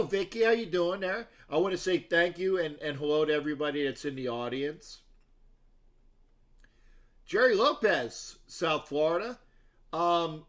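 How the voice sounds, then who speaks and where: A man's voice: a little high, fairly bright tone. A man hosting a sports talk livestream, chatting loosely with viewers and rambling through stories with many restarts and asides. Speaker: livestream sports show host. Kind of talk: casual rambling livestream chat.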